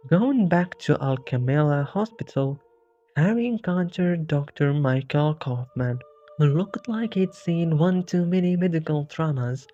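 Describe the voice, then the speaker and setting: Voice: mid-range voice, unhurried, warm tone. A narrator giving comedic scripted narration in a dry, jokey storytelling manner, over dull lo-fi sound and faint music.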